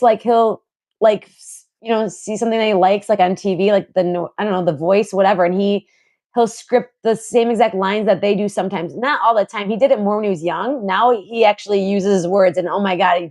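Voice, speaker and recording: A young adult woman co-hosts a podcast, talking fairly quickly in a medium-pitched voice with a darkish tone. The chat is casual and rambling, full of fillers and restarts, punctuated by frequent laughs.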